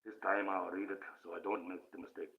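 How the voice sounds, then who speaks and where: A man from Australia who has put on an ominous voice in place of his real one. He rambles slowly through spiritual musings in a fairly low register. The sound is thin and phone-like. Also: level tone, gravelly. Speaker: live streamer. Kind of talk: casual spiritual monologue on a livestream. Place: indoors, speaking under a mask by candlelight. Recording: tinny phone-like audio.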